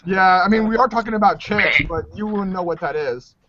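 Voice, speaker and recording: Crude joking man, higher voice. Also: a little fast, bright, forceful tone. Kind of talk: casual group chat. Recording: dull lo-fi voice chat audio.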